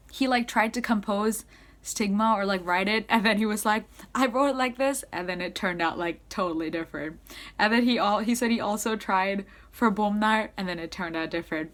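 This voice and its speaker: Young female vlogger, casual chatty recap, excitable, uneven loudness. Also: medium pitch. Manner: chatty, excitable, many "like"s, swings loud to soft. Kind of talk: casual fan recap to camera.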